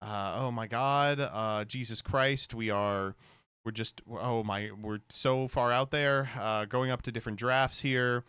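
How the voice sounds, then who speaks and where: A man's voice: medium pitch, fairly even intonation, unhurried, bright, forceful tone, smooth, no echo, studio quality. Profane, rambling male streamer. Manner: rambling, profane, laughs often. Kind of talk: casual reaction commentary.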